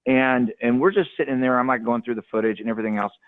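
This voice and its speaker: A man's voice: medium pitch, fast, dry recording. A man caller telling a rambling story, full of fillers and restarts. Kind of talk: casual storytelling. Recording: phone line, dry.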